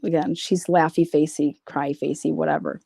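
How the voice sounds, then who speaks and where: A woman's voice: deep voice, level tone, moderate pace, gravelly, dark tone, slightly rough, dry recording. A woman reading out private messages and commenting on them in a blunt, profane, sarcastic way. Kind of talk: casual commentary reading screenshots.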